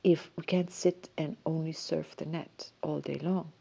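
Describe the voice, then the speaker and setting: A woman hosts a casual solo talk, speaking softly and dreamily as she rambles through her thoughts. Her voice is mellow and warm, sitting a little low, and she often breaks off to restart a sentence. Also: fairly even intonation, unhurried, creaky, slightly rough. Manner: dreamy, rambling, soft-spoken with self-interruptions. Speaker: host. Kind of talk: casual musing monologue.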